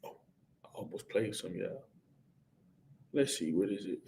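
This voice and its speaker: Young dude on a livestream, chill, answering the chat. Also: male voice, sits low, a little slow, creaky. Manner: relaxed, chatty, answers viewers by name. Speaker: livestream host, college football player. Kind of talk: casual livestream chat reading viewer comments.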